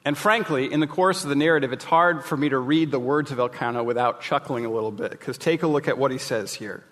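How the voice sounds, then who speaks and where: A man's voice: medium pitch, fast talker, fairly bright tone, in a large hall. A male pastor giving a sermon, candid and jokey, with emphatic asides.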